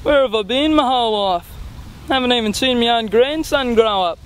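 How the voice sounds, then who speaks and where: A man's voice: very high voice, moderate pace, a little hiss or hum. An older man playing a chatty Australian outback grandpa. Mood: warm. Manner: chatty, relaxed, jokey. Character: friendly, easygoing grandfather in a tiny outback town. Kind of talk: short film acting.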